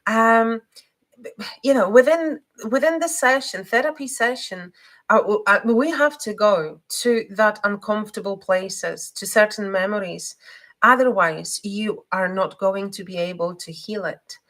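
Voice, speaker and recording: Unhurried female card reader, mid-pitched, gentle halting delivery full of fillers. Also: rough recording. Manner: slow, halting, many fillers and restarts. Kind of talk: live card reading.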